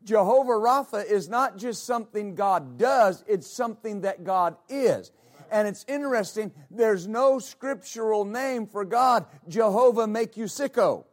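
A man's voice: high voice, animated, unhurried, hardly any pauses. A male pastor preaching a sermon, emphatic and repetitive, often calling out amen. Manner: emphatic, repeats words, calls out amen.

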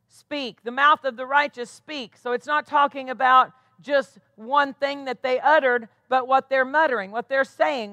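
A woman pastor with an American accent preaching a sermon, repeating phrases for emphasis and slowing down to stress the scripture she reads. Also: high-pitched, bright, forceful tone, dry recording.

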